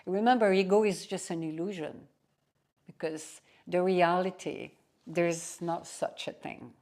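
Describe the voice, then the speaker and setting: A woman's voice: lowish voice, fairly even intonation, measured pace, darkish tone. A woman spiritual teacher giving a devotional satsang talk, telling a story to teach, with emphatic asides.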